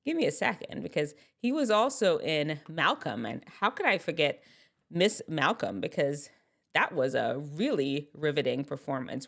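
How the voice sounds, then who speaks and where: Chatty woman, lively pitch. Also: creaky. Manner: chatty, laughs often, rambling asides. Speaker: video host. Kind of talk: casual reaction commentary.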